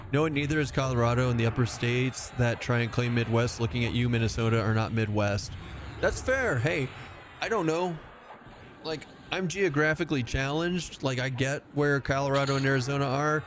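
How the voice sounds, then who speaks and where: A man's voice: medium pitch, a little hiss or hum. Rambling, swearing male game streamer. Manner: rambling, swears freely, chats with viewers. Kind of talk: casual live-stream chat while playing.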